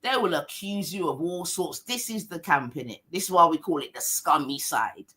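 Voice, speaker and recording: A woman's voice: sits low, expressive, moderate pace, a bit bright. A woman hosting a livestream, ranting combatively in heavy slang and swearing, repeating her points. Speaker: livestream host. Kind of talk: heated livestream rant.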